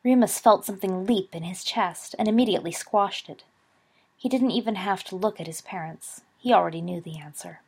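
Woman reading a story, gravelly and husky. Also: mid-range voice, a little fast. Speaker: reader. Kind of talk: storybook narration.

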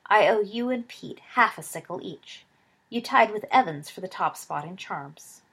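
A woman doing a teasing, brisk schoolboy. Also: medium pitch, expressive, a bit bright, husky. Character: teasing, lively teenage schoolboy bookmaker.

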